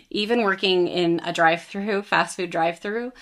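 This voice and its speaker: A woman in casual podcast conversation, speaking calmly and evenly. Her voice sits on the lower side, and she tells stories at a steady pace. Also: a little slow. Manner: calm, even storytelling with acted-out quotes. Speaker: podcast co-host. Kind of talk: casual chat.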